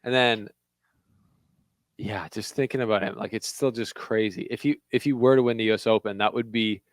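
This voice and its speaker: A man's voice: fairly low pitch, fairly even intonation, normal speed, no echo. A young man from Canada co-hosting a podcast in casual chat, talking loosely with lots of "like" fillers. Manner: chatty, loose, full of "like" fillers. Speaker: podcast co-host.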